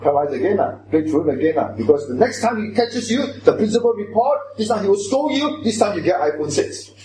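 A man's voice: sits high, very animated, brisk, crowd noise. A man preaching a sermon, emphatic, questioning the congregation directly. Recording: echoey hall with faint ambience.

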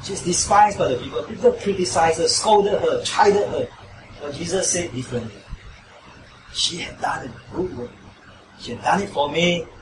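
A man's voice: high-pitched, expressive, moderate pace. A man preaching a sermon as pastor, pressing his listeners with repeated rhetorical questions that build into emphatic pleas. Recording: roomy echo, distant mic, noisy.

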